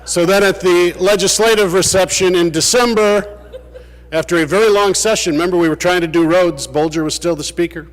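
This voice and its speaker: A man's voice: high-pitched, fairly quick. Man giving a wry farewell speech. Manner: dry, humorous storytelling. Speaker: state legislator. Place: large legislative chamber. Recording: long reverb of a big chamber.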